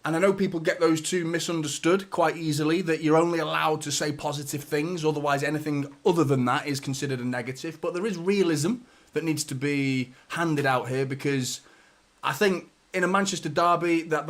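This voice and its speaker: A man hosts a football fan stream in a loose, excitable chat that rambles from point to point. He swears casually and speaks in a fairly high voice. The delivery is relaxed and conversational throughout. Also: normal speed.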